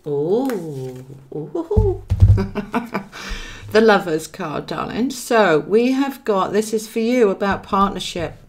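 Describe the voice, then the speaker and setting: A woman's voice: mid-range voice, unhurried, few pauses, slight background noise. A woman with a Welsh accent giving a chatty live tarot reading, affectionately calling viewers darling and thinking aloud as she draws cards. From Wales. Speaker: tarot card reader.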